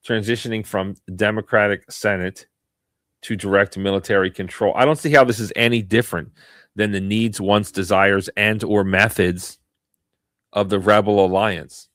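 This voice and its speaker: A man with a lowish voice hosts a live online talk stream, reading text aloud in a mock-serious, sarcastic way. His voice sounds dry and close, with no room around it. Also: fairly bright tone, no room sound. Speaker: host.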